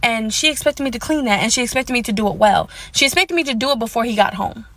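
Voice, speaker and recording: A woman rattles through a personal story at a quick clip, blunt and candid in a casual storytime way. Her telling is animated and indignant, and she swears now and then. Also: on the high side.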